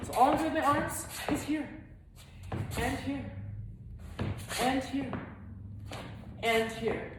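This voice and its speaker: Woman dance teacher, bright-ish voice, counts beats aloud, roomy far mic, loud music behind. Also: a little high, a little slow, long pauses, noisy background. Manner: chants rhythms and counts aloud. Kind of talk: dance class instruction with sung counts.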